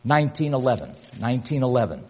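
An older man preaching a sermon with emphasis, repeating key words and building to forceful peaks. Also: medium pitch, very animated, fast, breathy edge. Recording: long hall reverb.

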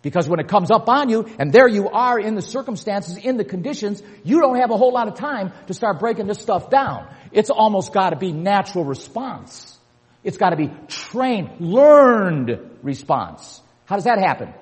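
An older man preaching a sermon with emphasis, repeating key words and building to forceful peaks. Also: high voice, very animated, normal speed, breathy edge. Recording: long hall reverb.

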